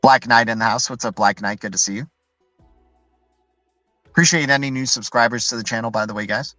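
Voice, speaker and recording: A man's voice: mid-range voice, brisk, bright, forceful tone, no echo, soft background music, low-quality recording. A man hosting a live stream in a loose, rambling way, tagging his points with "right?" and answering viewer chat as he goes. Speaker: livestream host.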